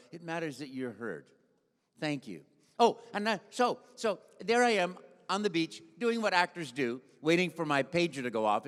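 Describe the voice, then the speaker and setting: An older man, a voice actor, telling lively stories on a convention stage and filling them with sound effects and voices. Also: medium pitch. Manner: animated storyteller, full of sound effects and voices. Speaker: guest voice actor. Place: convention stage in a large hall. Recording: echoey convention hall.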